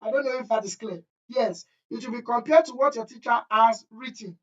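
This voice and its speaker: A woman's voice: a little high, a little fast. A woman teaching an online chemistry exam-prep lesson, repeating key points and often checking that students follow. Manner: repetitive, emphatic, checks understanding often. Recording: dull lo-fi audio.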